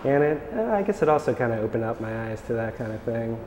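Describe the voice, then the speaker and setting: A man from the United States, an artist, speaking in a relaxed and candid way straight to camera, with filler words along the way. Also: medium pitch, quick pace, a little hiss or hum. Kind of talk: casual monologue to camera. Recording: roomy reverberant space with faint ambience.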